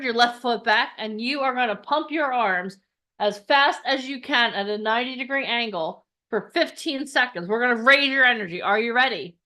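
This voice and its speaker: A woman's voice: on the high side, bright, forceful tone. A woman hosting a live virtual event, upbeat and chatty, leading the audience in an energy exercise. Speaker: event host.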